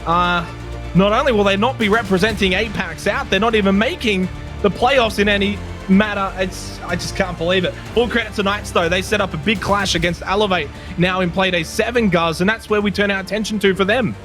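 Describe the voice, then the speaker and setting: A man casting an esports match, losing his voice and shouting at the big plays. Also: high-pitched, brisk, music in the background. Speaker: esports caster. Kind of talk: play-by-play commentary.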